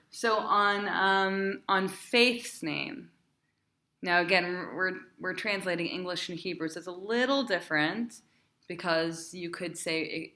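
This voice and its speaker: A woman's voice: fairly low pitch, sharp tone, echoey room. A woman cantor teaching a class, chatty and encouraging, asking her students questions. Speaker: cantor teaching Torah cantillation.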